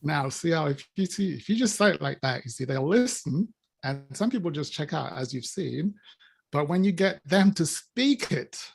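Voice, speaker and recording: A man with a high, gravelly voice gives an energetic motivational talk as a guest coach. He is playful and emphatic, and he stretches out his catchphrases. He comes through a video call. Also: moderate pace. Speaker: guest speaker, business coach.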